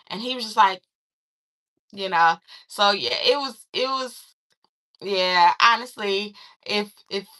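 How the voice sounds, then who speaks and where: A woman casually recapping a movie plot, retelling the story in an animated way with lots of fillers and restarts. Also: medium pitch, unhurried. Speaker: movie reviewer.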